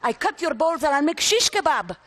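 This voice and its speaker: A woman's voice: sits high, very animated, brisk, a bit bright, a little hiss or hum, voice pushed up. A woman voicing a feisty, bossy grandmother with a Yiddish-tinged accent, speaking in a commanding, threatening way. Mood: fierce.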